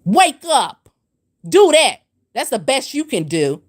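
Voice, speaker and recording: A woman hosts a spiritual livestream. She scolds and preaches at a commenter, hammering her points with repetition. Her pitch swoops from low and firm to high and emphatic. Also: sing-song, unhurried, slightly rough. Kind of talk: livestream rant answering comments.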